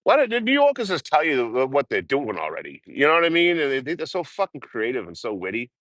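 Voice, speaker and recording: A man's voice: medium pitch, wildly swooping pitch, fast talker, a bit bright, no echo. A man chatting casually with his livestream viewers, rambling and swearing as he talks about life on the road. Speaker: livestreaming traveler.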